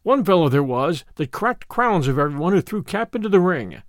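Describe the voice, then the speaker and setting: Male storyteller, expressive reading, high voice with lively pitch, dry close sound. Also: normal speed, no room sound. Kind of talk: reading a classic adventure tale aloud.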